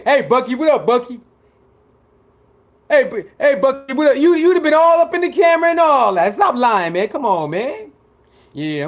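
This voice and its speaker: A man's voice: very high voice, a bit bright. A man delivering a heated, profane sports commentary rant, repeating himself and mocking his critics.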